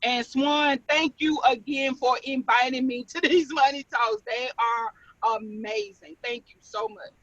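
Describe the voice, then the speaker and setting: Woman caller, high and dry, eager, thankful testimony over a lo-fi line. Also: no room sound. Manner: excited, thankful, fast-talking. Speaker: call-in participant. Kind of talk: casual testimonial.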